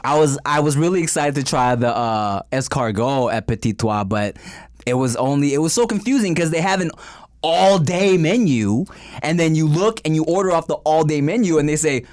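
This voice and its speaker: A man's voice: fairly high pitch, animated, normal speed, darkish tone, no echo. Joking podcast co-host man, dry studio sound. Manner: joking, profane, mock-formal phrasing. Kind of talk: casual podcast banter.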